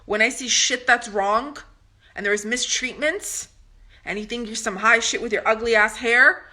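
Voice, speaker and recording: A woman's voice: fairly high pitch, unhurried, bright, forceful tone. A woman talking to her channel in a blunt, profane, confrontational rant, restarting her sentences as she goes. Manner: ranting with frequent restarts. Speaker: vlogger. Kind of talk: profane monologue to camera.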